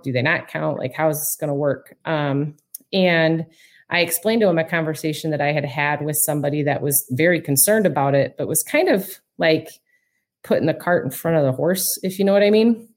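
A woman's voice: low-pitched, moderate pace. A woman co-hosting a casual chat, rambling with many ums and restarts.

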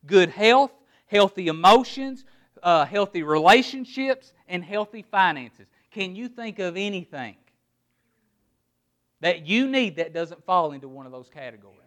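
High-voiced man preaching a sermon. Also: animated, a little slow, fairly bright tone. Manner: emphatic preaching, word-by-word emphasis, rhetorical questions. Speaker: pastor.

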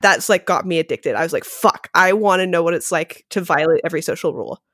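A woman's voice: on the low side, no room sound, studio quality. A woman guest on a podcast, chatting casually and animatedly, with a lot of "like" between her words. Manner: rapid and animated, heavy use of "like". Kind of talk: casual conversational interview.

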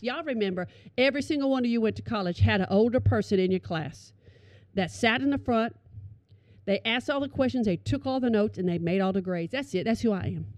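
A middle-aged woman telling comic stories to an audience, animated and calling them y'all. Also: a little high, no room sound. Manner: animated, addresses listeners as y'all. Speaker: storyteller.

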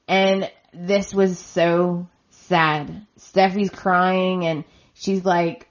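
A woman with a lowish voice, chatting through a soap opera recap at an unhurried pace. She keeps slipping into "she's like" as she retells each scene. The recording sounds dull and lo-fi. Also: fairly even intonation. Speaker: podcast host.

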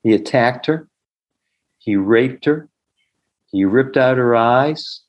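He's a middle-aged healer, a podcast guest telling stories in an interview, earnest throughout and doing the voices of the people he quotes. His pitch is medium, his pace slow, and the audio dull.

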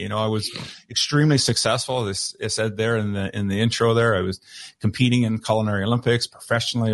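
Earnest French-Canadian guest. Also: male voice, fairly low pitch. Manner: earnest, warm storytelling with many fillers. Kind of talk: interview conversation.

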